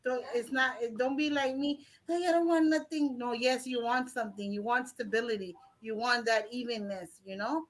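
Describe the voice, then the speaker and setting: A woman's voice: fairly high pitch, steady tone, normal speed, hardly any pauses, a bit bright, rough recording. A woman with a Mexican accent giving a blunt, profane, rambling tarot reading on a live stream. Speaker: tarot reader.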